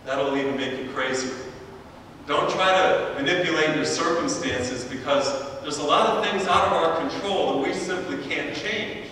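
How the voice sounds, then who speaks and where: Preaching priest in an echoey church. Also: male voice, fairly high pitch, pushed and bright, a little hiss or hum. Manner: storytelling preacher, drawn-out emphatic phrases. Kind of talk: sermon. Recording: echoey church from a distant mic.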